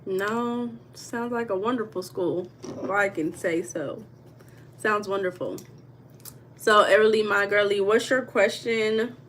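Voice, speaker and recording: A woman from the United States chatting casually with viewers on a tarot livestream from home, reading their comments aloud in relaxed slang. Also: medium pitch, a little slow, a little hiss or hum. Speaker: tarot reader streaming live. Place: home room.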